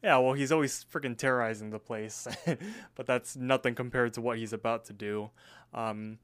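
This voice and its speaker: Smooth-voiced man, hesitant casual podcast chat. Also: mid-range voice, moderate pace, a bit bright. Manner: hesitant, many ums and restarts. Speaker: podcast co-host. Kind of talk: casual chat and episode recap.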